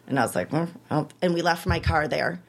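A woman's voice: low voice, fairly quick, gravelly, husky. A woman in her thirties, an interview guest, telling a personal story candidly and with emotion, laughing at times.

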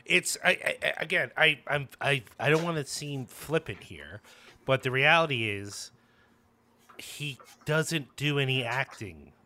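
A man's voice: mid-range voice, lively intonation, a little slow, sharp tone, slight background noise. A man co-hosting a casual movie review podcast, blunt in his judgments and stammering as he searches for words. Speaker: podcast co-host.

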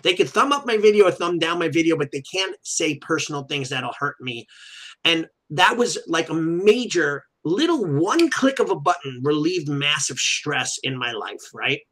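Bright, animated male podcast co-host. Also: a little high, moderate pace. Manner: animated storyteller, acts out quotes, many "you know"s. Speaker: podcast co-host and martial arts school owner. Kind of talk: casual podcast chat.

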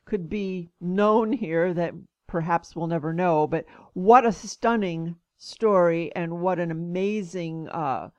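A woman hosting an interview, measured and encouraging, answering her guest with short affirmations and reflections. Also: fairly low pitch, a little mellow, dry recording, lo-fi sound. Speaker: interview host. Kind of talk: casual interview.

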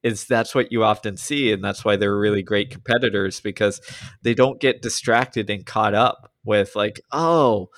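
A man's voice: fairly low pitch, fairly even intonation, normal speed, a bit bright, no room sound. A man co-hosting a podcast who explains his ideas reflectively and casually, often leaning on "like". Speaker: podcast co-host. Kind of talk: casual discussion.

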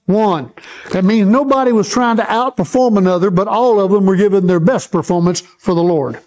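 A man preaching a sermon to a congregation, reading scripture slowly and having the listeners repeat verses back to him. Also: high-pitched, a little mellow.

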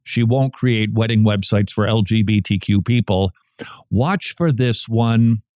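A man hosting a talk radio show, speaking emphatically and sarcastically, with sudden jumps up in pitch for stress. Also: a little slow, a little mellow, no room sound, clean studio sound. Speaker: radio host.

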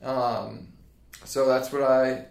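Man, 30s, from Indiana, gravelly, rambling podcast guest, roomy echo. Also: medium pitch, steady tone, takes it slowly, darkish tone. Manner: rambling, laid-back, many fillers. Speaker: podcast guest, personal trainer. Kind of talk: casual interview chat.

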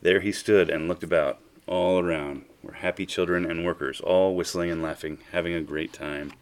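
A man with a very low voice reads a children's storybook aloud. He keeps his delivery unhurried and expressive, drawing out phrases as he goes. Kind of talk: storybook reading.

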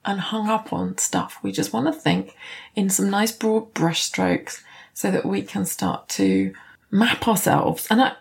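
A woman's voice: medium pitch, gravelly. A middle-aged woman coach talking candidly in a reflective podcast, now and then swearing. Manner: candid, warm, occasionally swears.

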